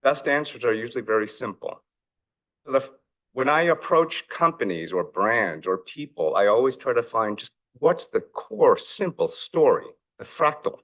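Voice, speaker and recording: A man's voice: medium pitch, sing-song, normal speed, fairly bright tone. A middle-aged man, an author and investor, giving a conference keynote in a reflective storytelling manner. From United States. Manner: storytelling, reflective, acts out family dialogue.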